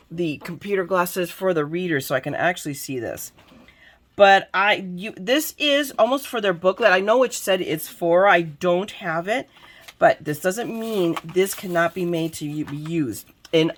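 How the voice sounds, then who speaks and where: Bubbly excitable woman crafting vlogger. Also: on the low side, slight background noise. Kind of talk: excited casual happy-mail chat.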